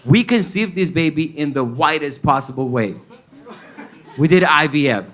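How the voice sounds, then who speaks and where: A man's voice: fairly high pitch, expressive, normal speed, fairly bright tone. A man in his thirties from Colombia with a Colombian accent, playfully mixing languages during a stand-up comedy set on a club stage. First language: Spanish. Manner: playful, switches languages mid-sentence. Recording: live show with audience noise.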